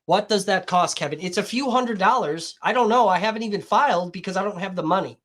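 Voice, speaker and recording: A woman in mid-pitch range, venting on a livestream in an irritated, combative rant. She swears constantly and talks straight at her viewers. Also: fast talker. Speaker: live streamer.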